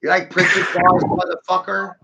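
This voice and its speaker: A man delivering an aggressive, mocking, profane solo rant with a gravelly voice. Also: sits high, moderate pace. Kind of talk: solo taunting rant to camera. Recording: muffled lo-fi audio with steady background noise.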